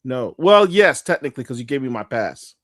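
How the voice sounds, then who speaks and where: A man in the middle of the pitch range co-hosts a casual chat, and his voice rises and falls a lot. He mostly adds short, relaxed remarks. The sound is dry and close. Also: a little fast, dry recording. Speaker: podcast co-host.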